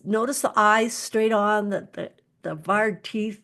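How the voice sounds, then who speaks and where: A woman presenting an online workshop over a video call, speaking gently and soothingly, sometimes dropping to a soft whisper. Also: mid-range voice, fairly even intonation, slow pace, few pauses.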